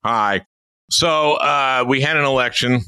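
A man's voice: medium pitch, a little slow, bright, forceful tone, clean tone, no room sound. A man in his seventies from Minnesota, a podcast host telling wry stories in casual chat. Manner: wry storyteller.

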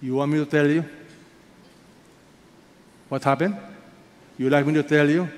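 A man with a Filipino accent preaching a sermon as pastor, firing rhetorical questions and swinging between loud emphasis and hushed asides. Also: on the high side, fairly even intonation, a little slow. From Philippines. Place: large church hall. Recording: echoey hall, faint background noise.

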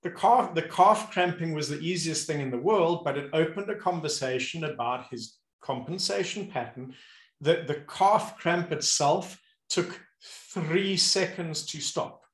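A man hosting a casual conversation as a movement coach, telling animated stories and acting out the people he describes. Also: fairly high pitch, measured pace. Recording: roomy echo.

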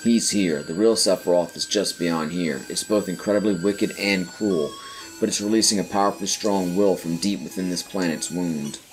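A man's voice: low-pitched, moderate pace. A man hosting a game playthrough, reading the dialogue aloud with dry asides. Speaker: let's play host. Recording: faint game music behind.

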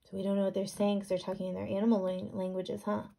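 Husky woman teacher reading to children. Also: medium pitch, fast talker. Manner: animated, questioning, sounds words out. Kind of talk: reading a picture book aloud to young students.

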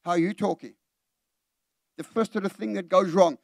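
A man's voice: sits high, fairly even intonation, moderate pace, vocal fry, long pauses, dry recording, studio quality. A middle-aged man preaching a sermon in a church. He preaches with animation, puts questions straight to the congregation and acts out the voices he quotes. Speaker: pastor.

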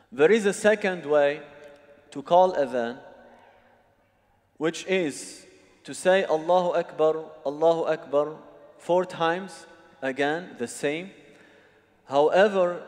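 A man's voice: on the high side, a little mellow. A man teaching a religious seminar, explaining step by step and often checking that the audience follows. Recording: long hall reverb.

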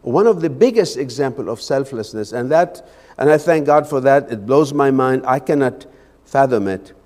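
A man's voice: medium pitch, lively intonation, moderate pace, a little mellow. A man preaching a Sunday evening sermon in a church, fervent and often repeating his words as he goes. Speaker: lay preacher. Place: church sanctuary. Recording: echoey church hall.

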